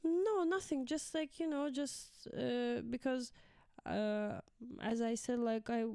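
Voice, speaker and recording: Young woman teacher telling class stories as a guest, crisp voice, dry close sound, higher range. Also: takes it slowly, dark tone, no echo. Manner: chatty, acts out quotes of pupils with laughs. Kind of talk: casual conversation.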